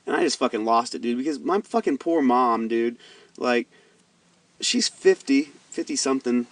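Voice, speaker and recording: A young man vents a long personal story in a loose, profane, heated ramble. His voice sits at a middling pitch. It sounds dry and a little distant from the microphone. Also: no room sound. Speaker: vlogger. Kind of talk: casual storytelling rant.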